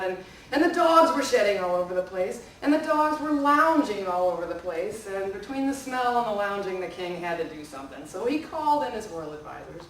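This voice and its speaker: Animated library storyteller, woman, reading a folktale to kids; echoey room, voice distant. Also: mid-range voice, slight background noise. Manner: animated, asks the audience questions. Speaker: children's storyteller. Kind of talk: storytelling to children.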